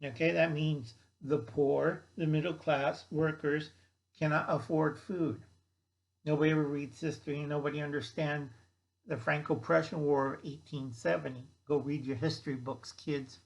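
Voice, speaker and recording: A man's voice: a little high, flat delivery, moderate pace, creaky, low-quality recording. A man hosting his own channel, giving a blunt, folksy, rambling monologue. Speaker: channel host.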